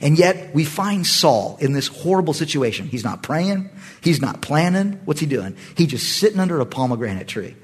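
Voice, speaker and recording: Animated husky-voiced man teaching scripture. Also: a little high, moderate pace. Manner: animated, acts out quoted voices. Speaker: pastor. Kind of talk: Bible study teaching. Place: church meeting room.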